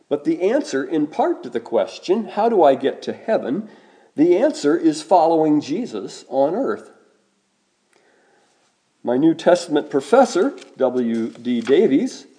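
A man preaching a sermon in a slow, emphatic way, with dramatic pauses on key words. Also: fairly high pitch, dark tone. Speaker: pastor.

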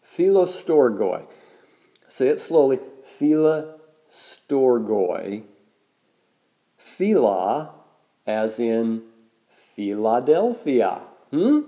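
Mellow-voiced male pastor preaching. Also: mid-range voice, big pitch swings. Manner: measured preaching, slows to stress key words. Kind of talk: sermon.

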